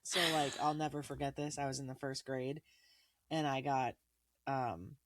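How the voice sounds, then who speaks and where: Woman podcast co-host, low voice, dry close mic, animated storyteller who acts out the quotes. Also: moderate pace, dry recording. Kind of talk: casual chat.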